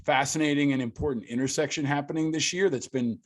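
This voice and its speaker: A man's voice: medium pitch, steady tone, fast talker. Earnest male podcast host. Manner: earnest, admiring, rambling questions. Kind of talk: interview questions.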